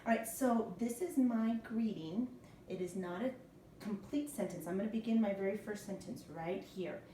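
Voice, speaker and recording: Woman teacher, patient, spells letters out for little ones; mellow tone, faint room ambience behind. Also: medium pitch, normal speed, slight background noise. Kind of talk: recorded classroom lesson for young children. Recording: echoey room, mic at a distance.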